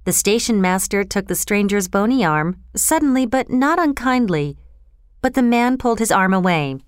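A woman reads a children's story aloud with a lively, rising and falling delivery. Her voice is smooth and resonant. The recording is close and dry. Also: medium pitch, normal speed, dry recording. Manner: expressive, clear reading. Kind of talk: scripted children's story narration.

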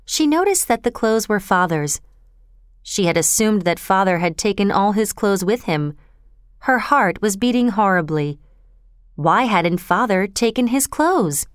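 A woman narrating a children's story in an expressive, clear reading style. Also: medium pitch, dry recording, studio quality.

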